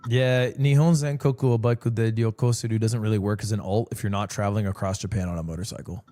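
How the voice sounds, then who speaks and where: A man's voice: on the low side, quick pace, faint music behind. A man streaming live, chatting casually and telling jokey stories with lots of swearing. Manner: animated, joking storyteller with frequent swearing.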